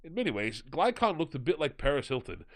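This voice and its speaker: A man's voice: fairly high pitch, sing-song, fast, fairly bright tone. A man putting on a pompous older author. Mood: mock-grand. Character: pompous older English author, male, dry. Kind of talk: comic impression read aloud.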